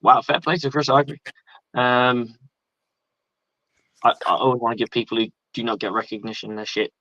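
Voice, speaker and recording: An excitable man hosts a casual sports talk show, swearing and tripping over his own words. His voice is bright and pushy. The sound is dry and lo-fi. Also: mid-range voice, normal speed, no echo. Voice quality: excitable and profane, many restarts. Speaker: host.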